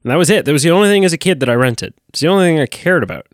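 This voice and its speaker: A man's voice: on the high side, lively intonation, rapid-fire, no room sound, clean studio sound. A man co-hosting a podcast, talking in an enthusiastic, rambling way with many restarts. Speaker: podcast co-host. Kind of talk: casual chat.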